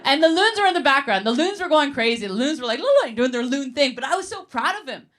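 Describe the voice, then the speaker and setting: A woman doing stand-up storytelling in a rambling, animated way, piling up fillers and laughing as she goes. Her voice sits a little high and swoops widely in pitch. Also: quick pace. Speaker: stand-up comedian.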